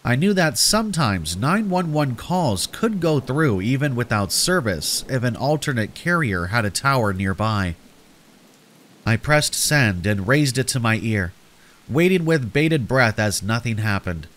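A man's voice: medium pitch, sing-song, measured pace, a bit bright. A man narrating a scary story in a scripted, dramatic storytelling manner.

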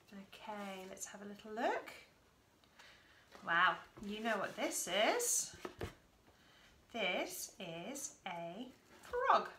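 Woman teacher for a children's session, slow and sing-song with some whispering; echoey room with faint hiss. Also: mid-range voice, expressive. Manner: slow, sing-song, exaggerated and clear, with sudden soft whispers. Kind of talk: Attention Autism session for children.

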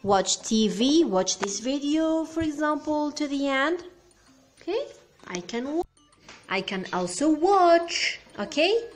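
Slow, patient woman teaching beginners. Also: high voice, sing-song, soft background music. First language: Arabic. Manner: slow, patient, asks "okay?" often, spells words. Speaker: English teacher. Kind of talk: beginner language lesson.

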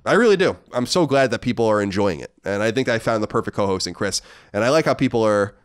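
A man hosting a podcast in casual chat, reading out listener letters with wry, wordy asides. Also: fairly low pitch. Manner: fast, animated, wordy and wry. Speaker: podcast host.

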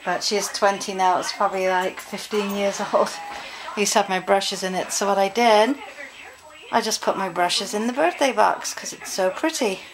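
A woman's voice: mid-range voice, moderate pace, noisy background. A middle-aged English woman chatting casually to her viewers in a daily home vlog, rambling from one thing to the next. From England. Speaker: vlogger. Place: at home, indoors.

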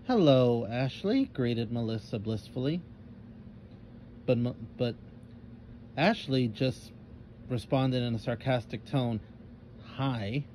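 A man reading a children's story aloud with expressive narration. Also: medium pitch, a little hiss or hum.

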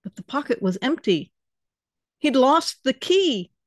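A woman author reads her fiction with an animated, higher voice that moves a lot. The recording is close and dry, with no room sound. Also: a little slow, dry recording. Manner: animated narration. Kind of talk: reading fiction aloud.

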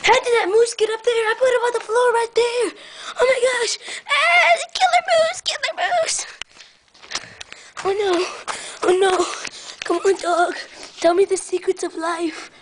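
A woman voicing a hyperactive, easily scared little boy in an amateur comedy impression video, with a squeaky, shrieking voice and frantic outbursts between babbling chatter. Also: level tone, measured pace, noisy background. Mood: panicked.

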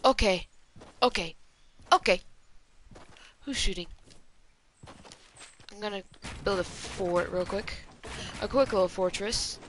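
A woman giving live commentary on an online shooter game, chatting to viewers and reacting excitedly to the action. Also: mid-range voice, slow, pauses often, slight background noise. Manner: excitable, talks to viewers while playing, mild exclamations. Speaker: gaming commentator.

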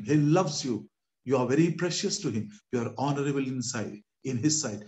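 A man preaching a sermon, telling a story with animated delivery that swells at dramatic moments and addressing listeners as beloved. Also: medium pitch, moderate pace.

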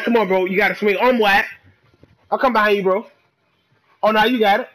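A man giving excitable, trash-talking commentary while he plays a game, dropping to low mutters and then bursting into shouts. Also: brisk, pauses often. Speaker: gamer. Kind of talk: live gameplay commentary.

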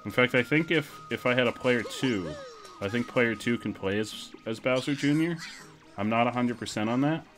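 A young man streaming a video game, commenting casually in an excitable, jokey way. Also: mid-range voice, moderate pace, soft background music.

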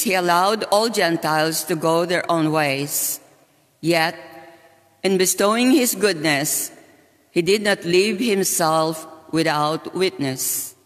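A man reading scripture and the psalm aloud in church as lector, slow and deliberate. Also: sits high, fairly bright tone. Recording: long church reverb.

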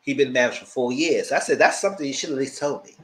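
A man giving a casual, animated recap of a reality show, acting out quotes in a squealing high voice and breaking into loud laughs. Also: fast, poor audio. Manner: loud laughs and shouted asides. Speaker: TV show reviewer.

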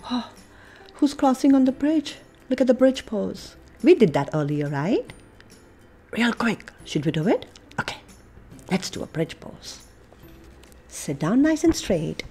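American woman, preschool teacher, slow unhurried kids' yoga story, lively swoops, faint music behind. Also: fairly high pitch. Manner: animated, playful, coaxing, with soft breathy asides. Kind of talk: reading a picture book with yoga poses for children.

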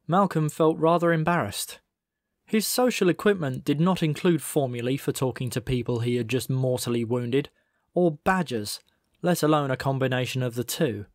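A man's voice: medium pitch, normal speed, no echo. Man narrating a comic novel, dry sound. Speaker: audiobook reader. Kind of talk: scripted narration.

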